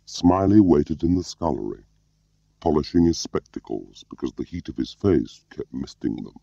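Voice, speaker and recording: A man narrating an audiobook in a measured, even way, in a muffled recording. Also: extremely low pitch, creaky, no echo. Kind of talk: scripted narration.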